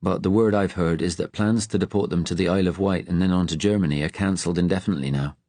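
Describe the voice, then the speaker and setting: A man voicing Bert, a blunt, indignant husband who speaks gruffly, in a storybook audiobook. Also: low voice, steady tone, quick pace, mellow, no echo.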